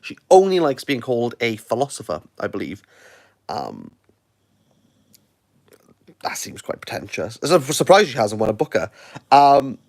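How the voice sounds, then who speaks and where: A man's voice: mid-range voice, sing-song, normal speed, no echo, clean studio sound. A Welsh man reviewing books in a rambling, jokey, playfully sarcastic livestream chat into his phone. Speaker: book reviewer.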